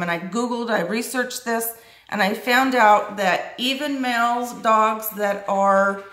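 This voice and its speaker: A woman chatting casually to her phone at home, rambling through viewer questions with plenty of ums and restarts. Her voice sits in a middling pitch, and the room around her rings with noticeable echo. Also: a bit bright. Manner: rambling, with many fillers and restarts; high sing-song baby talk to her dog. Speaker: dog owner answering viewer questions. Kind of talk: casual Q and A vlog. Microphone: phone held while scrolling.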